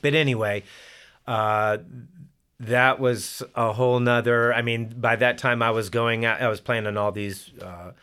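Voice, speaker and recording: A man's voice: mid-range voice, steady tone, a little slow, pushed and bright, clear, resonant tone. Older man rambling through stories. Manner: rambling, full of fillers and restarts. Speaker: musician guest. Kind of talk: casual storytelling.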